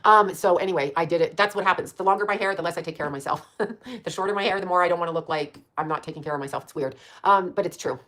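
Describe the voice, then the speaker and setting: A woman's voice: fairly low pitch, fast talker, fairly bright tone. A woman around sixty chatting casually on a livestream, rambling and blunt, swearing freely and laughing often as she answers her chat.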